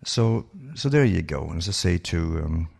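Gravelly low-voiced sardonic man. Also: expressive, normal speed, a little mellow. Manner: sardonic, rhetorical questions to listeners. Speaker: political commentator. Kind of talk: monologue reading and commenting on news articles.

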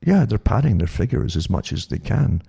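A man's voice: fairly low pitch, sing-song, fairly quick, gravelly, mellow, husky. A man hosting a monologue talk show, rambling with many repeated words and stumbling restarts. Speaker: show host.

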